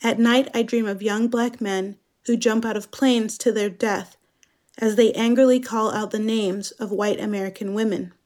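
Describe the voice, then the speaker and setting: Slow, measured woman narrating. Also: on the high side, steady tone, darkish tone. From Germany. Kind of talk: scripted dramatic monologue.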